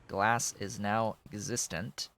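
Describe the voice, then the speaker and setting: A man's voice: on the low side, fairly even intonation, slow, fairly bright tone. A man streaming a game, muttering offhand, dry remarks to himself as he builds. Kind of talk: casual gameplay commentary.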